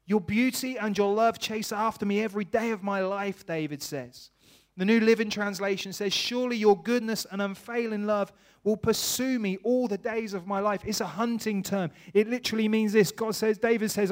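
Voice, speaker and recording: Male preacher, tearful, emotional sermon, high-pitched voice. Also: normal speed. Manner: emotional, swells from hushed to loud.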